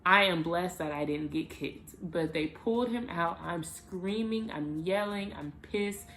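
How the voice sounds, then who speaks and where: Low, gravelly woman telling a story. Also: a little slow, a little hiss or hum. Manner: animated, vivid retelling with emphatic bursts. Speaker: vlogger. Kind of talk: casual storytelling to camera.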